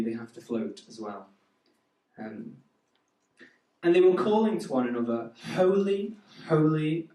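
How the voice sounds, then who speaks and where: A man's voice: mid-range voice, darkish tone. A man preaching a sermon to a youth group, chatty and quizzing the audience. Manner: chatty, asks the audience questions. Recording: echoey hall from far off.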